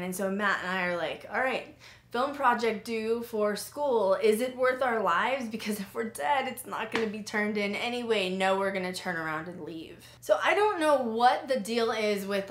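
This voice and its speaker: A woman's voice: medium pitch, reverberant. A young woman in her twenties, hosting a paranormal podcast, chatting casually and telling stories with lots of fillers. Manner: chatty, animated storytelling with many fillers. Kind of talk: casual chat reviewing a show.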